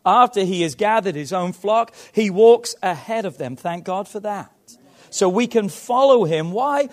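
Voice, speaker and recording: Guy preaching in church, pretty high voice, goes big and loud then drops real quiet. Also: expressive, unhurried. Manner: emphatic preaching, swinging from loud to hushed. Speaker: pastor. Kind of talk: sermon.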